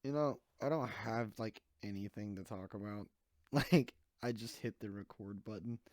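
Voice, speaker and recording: Casting note: male podcast host, low voice, dry close mic, tired and candid. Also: measured pace, dry recording. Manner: rambling, candid, jokey. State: sleepy, yawning. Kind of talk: casual solo podcast chat.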